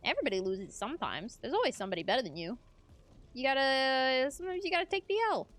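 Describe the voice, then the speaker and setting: A woman's voice: high voice, big pitch swings, fast talker, fairly bright tone. A young adult woman streamer chatting casually with her chat while gaming, laughing often.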